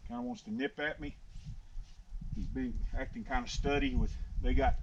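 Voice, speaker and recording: A man's voice: mid-range voice, steady tone, moderate pace, a little mellow. A middle-aged man training a horse, talking in a plain-spoken, drawling way and murmuring soothingly to the animal in an outdoor pen. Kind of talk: casual explaining while working. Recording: dull lo-fi outdoor audio with noise.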